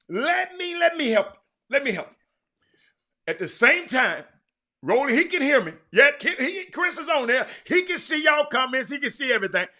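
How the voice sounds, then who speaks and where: Animated sports talk show host man. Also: high-pitched. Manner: animated, repeats words, addresses viewers by name. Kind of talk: live-stream chat with viewers.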